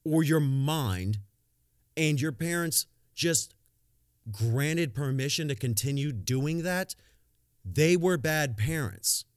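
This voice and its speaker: A man's voice: fairly high pitch, dry recording, clean studio sound. A man hosting a solo podcast, talking bluntly and profanely in a rambling, off-the-cuff way. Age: adult, has a young daughter. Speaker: podcast host. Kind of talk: casual solo podcast monologue.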